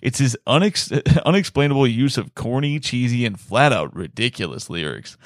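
A man's voice: medium pitch, expressive, normal speed, no room sound. A man with a mid-range voice hosts a casual chat, breaking into laughter as he reads quotes aloud. The sound is dry and close, with no room around it. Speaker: podcast host.

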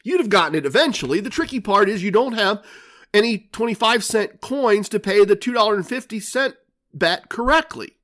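A man's voice: high voice, lively intonation, a little fast, a bit bright. An older man hosting a podcast, telling a story in a dry, wry way. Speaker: podcast host.

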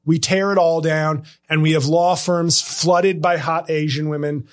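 A man's voice: on the high side, level tone, a little slow. A comedian hosting his podcast, riffing sarcastically and rambling through hot takes. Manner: sarcastic, rambling, bursts into impressions.

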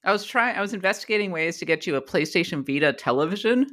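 Lively, playful woman podcast host. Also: lowish voice. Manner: animated, playful, quick to laugh. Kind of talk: casual podcast chat.

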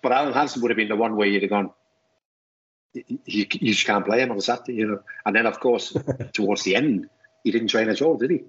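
A middle-aged man from Denmark with a low, husky voice spins relaxed stories on a podcast. He talks casually and acts out the people he quotes. The recording sounds muffled and lo-fi. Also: brisk. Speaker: co-host, former footballer. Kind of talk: casual podcast chat, anecdotes.

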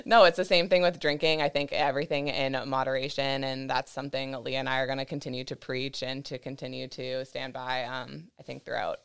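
A woman's voice: rumbling low, level tone, a little fast, gravelly, few pauses, smooth. A young woman co-hosting a fitness podcast in casual chat, upbeat and playful. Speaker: podcast co-host.

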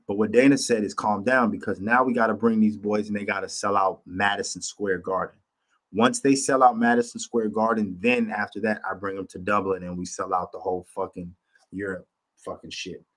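A man hosting a podcast, ranting casually with lots of profanity and emphatic repetition. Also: on the low side. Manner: profane, emphatic, repeats himself. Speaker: podcast host.

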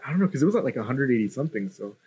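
A man's voice: mid-range voice, very animated, rapid-fire, a crowd in the background. A young man casually retelling a comic plot on a podcast, rambling with lots of fillers and swearing. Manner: rambling, filler-heavy, profane storytelling. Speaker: podcast co-host.

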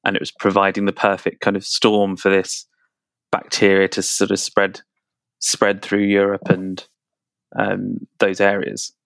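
A man's voice: deep voice, monotone, a little slow, gravelly, a bit bright, smooth, dry recording. A man interviewing a guest, hesitant and repeating words as he frames his questions. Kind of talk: conversational interview.

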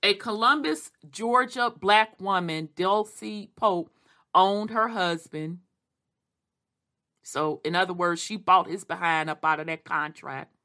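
A woman reading history aloud and adding animated, casual commentary. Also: mid-range voice. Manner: animated, quick asides, Southern Black vernacular.

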